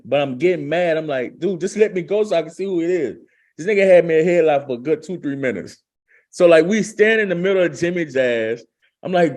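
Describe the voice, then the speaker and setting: A man's voice: a little high, a little mellow. A man, a podcast guest telling a story with lots of laughter and slang. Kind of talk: casual storytelling.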